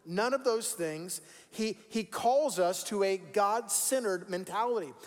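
A man's voice: high voice, unhurried, in a large hall. A man preaching a sermon as pastor, conversational and repeating words for emphasis. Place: church sanctuary.

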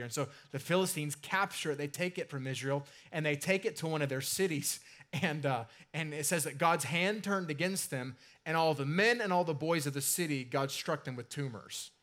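A man's voice: fairly high pitch, fairly quick, a bit bright. A man preaching a sermon in a casual, conversational way, with asides and filler words. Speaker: pastor.

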